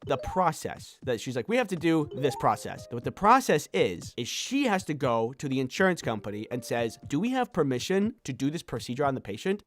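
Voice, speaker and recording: Lively, sarcastic high-voiced young man. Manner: animated and sarcastic, jumping into exaggerated quoted voices. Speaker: animated storytelling YouTuber. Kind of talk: comedic personal storytelling.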